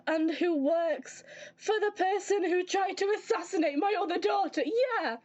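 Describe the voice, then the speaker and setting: Brief: high, lively woman streamer reacting to a game, playful rants, slightly dull audio. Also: unhurried. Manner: animated, exasperated, playfully ranting. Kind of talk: live game commentary.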